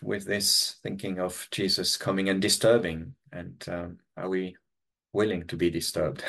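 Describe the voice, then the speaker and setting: A man leading a church prayer meeting over a video call, talking in a halting, reflective way with many restarts. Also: low voice, vocal fry.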